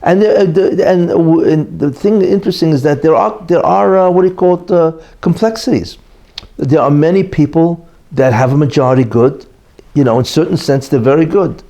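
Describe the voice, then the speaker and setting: A man's voice: fairly high pitch, moderate pace, dark tone. A man, a rabbi, giving an informal Torah class, telling a story and acting out its characters, talking in a loose conversational way full of "you know". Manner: acts out quoted characters in the story.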